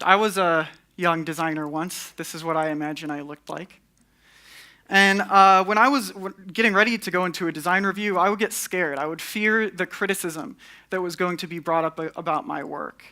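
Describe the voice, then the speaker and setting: A man's voice: high voice, a little fast, pushed and bright. A young man giving a candid conference talk on stage, with wry, sarcastic asides. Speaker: conference speaker.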